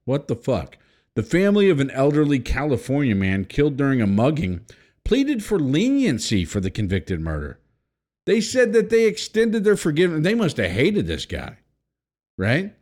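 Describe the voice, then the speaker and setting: A man hosting a casual podcast, reading out headlines and joking crudely. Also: mid-range voice. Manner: crude, jokey, swings between loud and mumbled. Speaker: podcast host.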